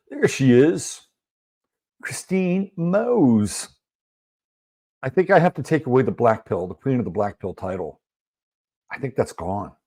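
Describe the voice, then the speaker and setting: A man's voice: on the low side, darkish tone. A man hosting a casual livestream, chatting loosely and greeting viewers in the chat one by one. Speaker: livestream host.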